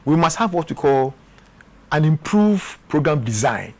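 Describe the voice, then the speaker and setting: Ghanaian guy on a tv talk show, kinda high voice, earnest, keeps repeating words. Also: very animated, a little slow, darkish tone. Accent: Ghanaian English. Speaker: guest, former official. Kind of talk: studio interview.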